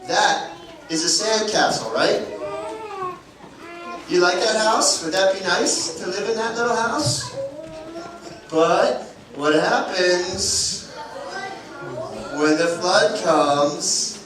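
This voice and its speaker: A man with a fairly high voice gives a children's sermon in a church, playful and asking the kids questions as he shows his props. He sits far from the mic, so his voice rings through a very echoey sanctuary. Clear room noise hums underneath. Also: expressive, takes it slowly, long pauses, a crowd in the background. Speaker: pastor.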